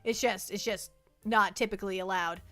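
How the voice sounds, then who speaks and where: A woman streamer chatting casually on a livestream, excitable and giggly, often stammering and restarting. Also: medium pitch, normal speed, soft background music. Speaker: VTuber streamer.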